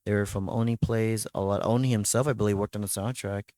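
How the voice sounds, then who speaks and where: Low-voiced laid-back man chatting. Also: fairly even intonation, fast, dark tone, dry recording, clean studio sound. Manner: laid-back, agreeable, hesitant restarts. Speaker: podcast co-host. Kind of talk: casual podcast chat.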